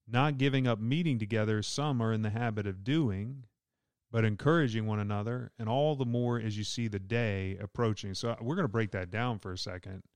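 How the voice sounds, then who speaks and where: A man's voice: medium pitch, darkish tone, clean tone, dry recording. A man with a Southern US accent, a pastor talking through Bible verses in an easygoing, joking podcast chat. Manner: easygoing, joking, laughs often. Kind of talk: casual podcast Bible discussion.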